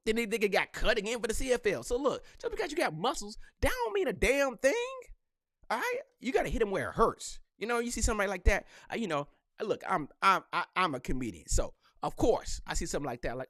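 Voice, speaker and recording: A young man hosts a live podcast, talking fast in slang and riffing with quick laughs. His voice sits high and swings widely in pitch. The sound is dry and close, with no room around it. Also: sing-song, fairly bright tone, no room sound. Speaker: podcast host.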